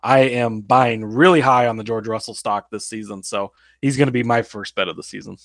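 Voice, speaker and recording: A man co-hosting a sports betting podcast, laying out his picks in a steady, explanatory, plain-spoken way. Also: mid-range voice, fairly quick, dry recording, clean studio sound. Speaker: podcast co-host. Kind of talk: casual sports betting analysis.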